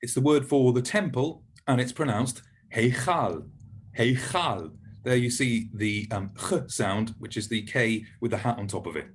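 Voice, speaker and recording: Male teacher, husky tone, patient and encouraging, lesson narration with words modeled slowly. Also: medium pitch. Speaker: Hebrew teacher.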